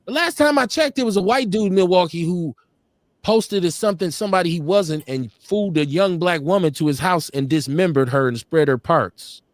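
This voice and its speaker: This man co-hosts a live-stream talk show over a streaming call, talking casually and bluntly with profanity and laughter. He has a high-pitched, brisk voice with no echo.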